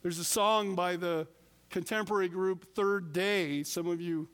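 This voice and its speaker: A man preaching a sermon as pastor, deliberate with emphatic pauses. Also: sits high, fairly even intonation, fairly bright tone, smooth, in a large hall.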